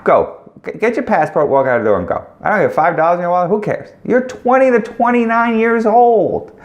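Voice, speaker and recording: A middle-aged man giving blunt, joking career advice in a rambling monologue. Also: a little high. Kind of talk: casual direct-to-camera monologue.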